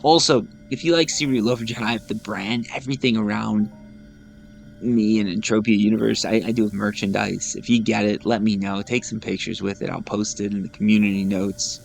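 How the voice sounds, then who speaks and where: Gamer guy in his 30s rambling over gameplay, kinda low and creaky, jokes at himself, faint music behind. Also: steady tone, normal speed. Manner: rambling, self-deprecating, repeats words. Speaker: gaming YouTuber host. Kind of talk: casual chat over gameplay.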